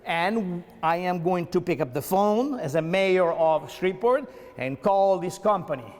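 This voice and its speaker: A European-born man of fifty speaks in a news interview, his voice pitched high for a man. He talks emphatically and rambles, checking in with the listener again and again. A long reverb hangs around him. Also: expressive, measured pace, a little mellow. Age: 50s. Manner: emphatic, rambling, repeats himself with tag questions. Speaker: mayoral candidate.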